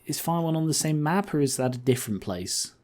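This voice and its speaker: A man's voice: fairly high pitch, animated, fast, a little mellow. A man hosting a let's-play, chatting casually and thinking aloud as he plays. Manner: rambling, thinks aloud with fillers and asides. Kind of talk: casual game commentary.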